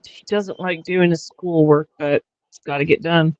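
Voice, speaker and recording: A woman hosting a livestream, chatting casually in a halting way with frequent restarts and fillers. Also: low voice, fairly even intonation, a little mellow, dry recording, highs cut off. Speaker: livestream host. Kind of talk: casual chat.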